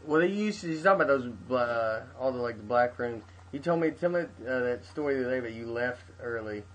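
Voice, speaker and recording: A man's voice: mid-range voice, lively intonation, fast, slight background noise. A man hosting a comedy podcast, chatting casually and prompting his guest with short questions. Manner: brief reactions and questions. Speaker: podcast host. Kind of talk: casual chat.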